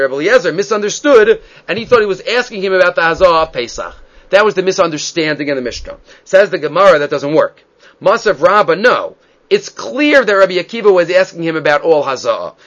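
High-voiced man teaching a Talmud class. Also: quick pace. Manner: animated, acts out quoted rabbis. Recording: dull lo-fi sound.

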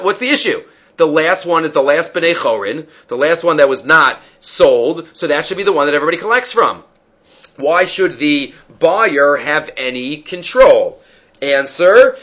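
A man's voice: fairly high pitch, a bit bright, dull audio. A man giving a Talmud study lecture, explaining step by step and asking and answering his own questions. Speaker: Talmud teacher.

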